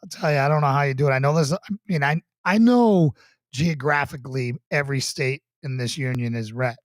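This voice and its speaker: A man's voice: mid-range voice, fairly quick, no echo, studio quality. A man from the Boston area, a pastor co-hosting a casual chat, joking and laughing often. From Boston area, USA. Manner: jokey, animated, laughs often. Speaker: pastor and show host.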